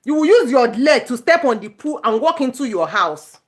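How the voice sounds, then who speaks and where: A middle-aged woman vlogger rants casually to her viewers, indignant and emphatic, repeating herself for force. Her voice sits high and sing-song, at a moderate pace.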